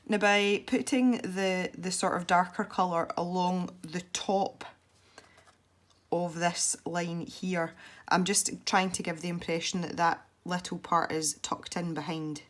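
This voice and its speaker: A young woman with a congested, stuffy voice, chatting softly as she narrates her colouring. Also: lowish voice, fairly even intonation, unhurried. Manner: soft-spoken, chatty and self-deprecating. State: congested from a head cold. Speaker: colouring video host. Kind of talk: relaxed colouring commentary.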